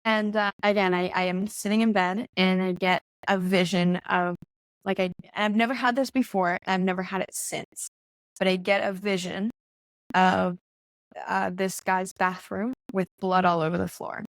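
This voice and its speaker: A young woman in her twenties talks as a podcast guest, with a gravelly, creaky edge to her voice. She tells her story in a loose, chatty way, peppered with "like" and acting out her own quotes. The sound is close and dry, with no room around it. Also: mid-range voice, steady tone, moderate pace, no room sound. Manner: chatty, full of "like" and reenacted quotes. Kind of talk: casual storytelling conversation. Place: in-person podcast studio.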